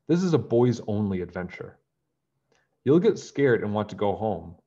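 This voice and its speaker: A man's voice: lowish voice, sing-song, normal speed, dark tone, breathy edge, muffled recording. A man voicing a cowardly, boastful young cousin in a storybook. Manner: nervous, boastful.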